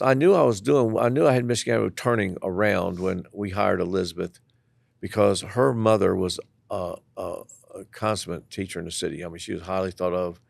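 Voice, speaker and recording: Older man, low gravelly voice, animated yarn-spinner, close and dry. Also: no echo. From southeastern Tennessee. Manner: animated storyteller who acts out the people in his stories. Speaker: guest, former elementary school principal. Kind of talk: storytelling interview.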